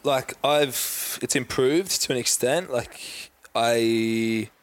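Man, Australian accent, young adult, laid-back, run-on sentences, casual swearing, mid pitch, dry close recording. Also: takes it slowly, no echo. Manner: laid-back, swears freely, talks in long run-on thoughts. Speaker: guest athlete. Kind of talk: casual podcast chat.

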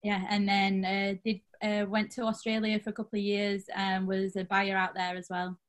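A young woman being interviewed as a guest, relaxed and a bit hesitant, often trailing off softly. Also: mid-range voice, normal speed. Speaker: guest, outdoor brand founder. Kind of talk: casual interview.

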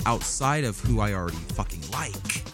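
A man's voice: on the low side, expressive, moderate pace, over music. A man hosting a podcast, musing and rambling with many fillers and restarts. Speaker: podcast host. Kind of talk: casual podcast monologue.

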